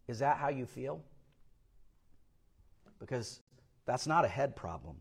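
A man preaching a sermon, swinging between hushed asides and loud emphatic peaks, acting out voices in his stories. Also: medium pitch, sing-song, unhurried, creaky, pauses often, slightly rough. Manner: dynamic preacher, swings from quiet to loud, acts out quotes. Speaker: pastor.

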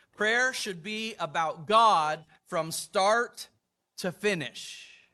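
An older man preaching a sermon, measured and emphatic, lifting his voice for quoted lines. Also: high voice, bright, forceful tone. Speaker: pastor.

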